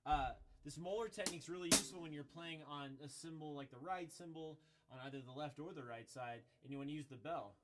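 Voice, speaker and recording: A man giving a casual drum lesson, explaining in a relaxed way with some self-corrections. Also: fairly high pitch, a little fast, few pauses, over loud music. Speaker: drum teacher. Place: music school room. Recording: voice between loud drum playing. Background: drum kit playing.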